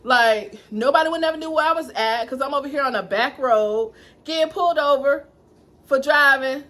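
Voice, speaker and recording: A young adult woman telling a dramatic personal story to her viewers in a lively, animated way. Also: high-pitched, moderate pace. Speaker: vlogger. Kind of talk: storytime vlog.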